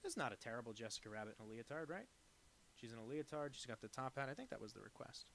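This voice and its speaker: A cartoonist on a live stream draws viewer requests, speaking quickly in a medium-pitched, somewhat bright voice with lively intonation and vocal fry; there's a little hiss or hum in the audio. His talk is casual and rambling, full of fillers, asides and self-deprecating humor.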